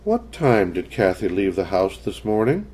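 A man voicing a worried, sharp-tongued suburban mother with a tense, clipped way of speaking, raising his pitch for her. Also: very animated, moderate pace, slightly rough. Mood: anxious.

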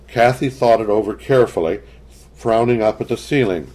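A man reading a story aloud as narrator, in a measured storytelling manner. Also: on the low side, a little mellow. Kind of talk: scripted narration.

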